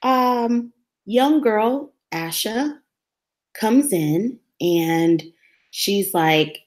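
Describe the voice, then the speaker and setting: A woman co-hosting a casual podcast, recapping a TV episode and acting out the characters' lines in a lively way. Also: medium pitch, drawn-out words. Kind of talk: casual chat.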